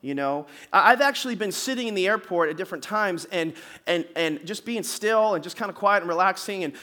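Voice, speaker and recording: A man's voice: sits high, lively intonation, fairly quick, bright, forceful tone. A male pastor giving a conversational sermon, often asking the congregation questions.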